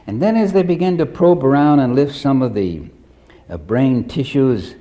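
A man preaching a sermon as pastor, telling a story in a measured way and speaking directly to the congregation. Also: medium pitch, mellow.

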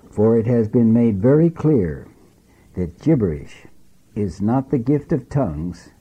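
A male preacher delivers a sermon slowly and deliberately, his voice very dark and husky. He tells his story in an earnest, measured manner with dramatic turns. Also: medium pitch, rough recording.

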